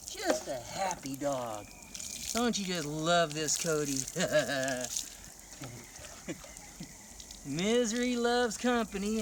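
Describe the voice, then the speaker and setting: A high-voiced man rambles and jokes while showing viewers how he washes his dog outdoors at night. Someone else holds the phone camera, picking up running water and background noise.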